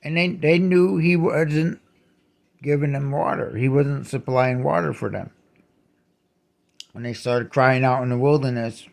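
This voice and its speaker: A man delivering an indignant ranting monologue, repeating and restarting his words and shouting out accusations. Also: medium pitch, fairly even intonation, unhurried, creaky, long pauses. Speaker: channel host.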